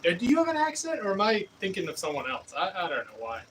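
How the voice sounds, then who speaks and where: A man chats loosely with his live audience while working a pottery wheel, his talk wandering and full of restarts. His voice sits a little high for a man. He is picked up from a few feet off, with faint noise in the background. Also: wildly swooping pitch, fast talker. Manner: rambling and hesitant, many fillers and restarts. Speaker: pottery livestreamer. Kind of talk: casual chat with live chat while throwing pottery. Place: pottery studio with a wheel running. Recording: distant mic with faint room noise.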